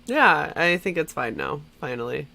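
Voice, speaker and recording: A woman's voice: low voice, big pitch swings, moderate pace, vocal fry, bright, forceful tone. A congested woman chatting casually as a player, laughing often. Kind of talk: casual chat.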